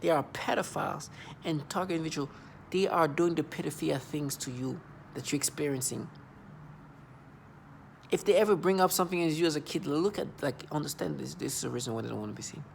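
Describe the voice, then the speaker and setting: A man's voice: on the high side, brisk, gravelly, a little hiss or hum. A man in his thirties ranting in an agitated, repetitive, accusing monologue to camera. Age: 30s. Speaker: vlogger.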